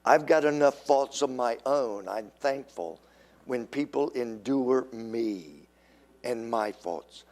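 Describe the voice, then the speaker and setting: Slow, emphatic older male preacher. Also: mid-range voice. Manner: animated, acts out quoted voices. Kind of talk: sermon.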